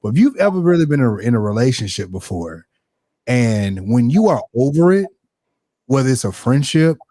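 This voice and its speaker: A podcast guest of medium pitch tells a candid story at normal speed on a casual talk show, the audio clean studio with no echo. He's animated and profane, acting out the quoted back-and-forth.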